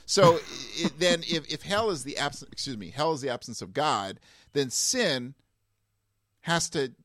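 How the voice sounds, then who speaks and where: A man talking casually about faith and coffee, telling stories with animated asides. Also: a little high, unhurried, no room sound, clean studio sound. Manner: animated storyteller, mimics a Texas preacher. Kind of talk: casual conversation.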